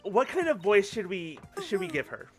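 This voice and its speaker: A game streamer rambling casually while playing, chatty and quick to laugh. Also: mid-range voice, very animated, soft background music. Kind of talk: casual let's-play commentary.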